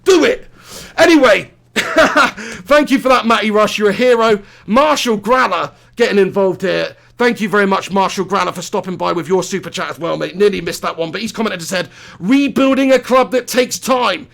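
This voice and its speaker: A man hosts a football fan live stream from a small home studio. His voice sits high and carries a gravelly rasp. He rants with passion, swears freely and breaks off to thank viewers by name. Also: brisk, fairly bright tone. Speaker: live-stream host reacting to a football match.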